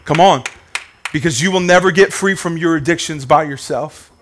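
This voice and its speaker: A high-pitched male pastor preaching with fervor. He rides a sing-song cadence, repeats phrases for emphasis and calls out to the congregation. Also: brisk, fairly bright tone. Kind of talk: sermon.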